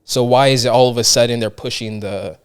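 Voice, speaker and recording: A man's voice: medium pitch, steady tone, a little fast, clear, resonant tone. Rambling casual podcast host, man. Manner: rambling storyteller, many "like" and restarts.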